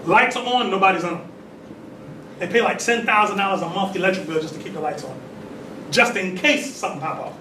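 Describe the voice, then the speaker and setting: A temple leader gives a conversational, call-and-response religious talk, peppering it with "right?" tag questions. His voice is high and a little fast. The recording is echoey and distant, with noise in the room.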